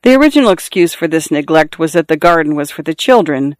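A man reading a novel aloud in a measured storytelling manner, lifting his voice for characters' calls. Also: animated, clean tone, no room sound, studio quality. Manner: measured storytelling, lifts pitch for quoted calls. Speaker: audiobook narrator. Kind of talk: scripted narration.

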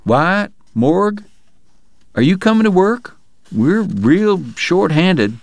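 A man's voice: sits high, sing-song, slow, dry recording, pitched above the performer's own voice, full character voice. A man voicing an easygoing frontier townsman with a casual drawl.

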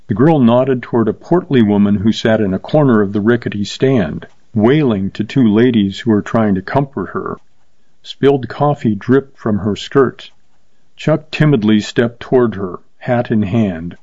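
A man narrating a short story in a steady, measured reading voice. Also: lowish voice, no room sound, highs cut off. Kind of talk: scripted narration.

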